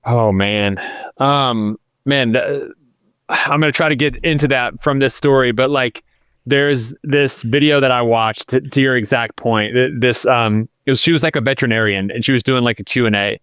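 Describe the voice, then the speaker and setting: A man in his thirties talks as a guest on a casual podcast, circling through his stories with lots of fillers and restarts. He is candid and openly emotional. His voice is smooth and resonant, and the recording is close and dry. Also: medium pitch, normal speed, a bit bright, no echo. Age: 30s. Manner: rambling, filler-heavy storytelling.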